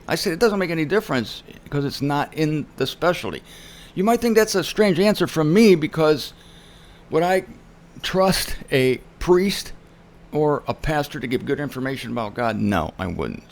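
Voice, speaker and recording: Emphatic man telling a story. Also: on the high side. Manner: emphatic storytelling with acted quotes. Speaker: show host. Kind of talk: casual monologue.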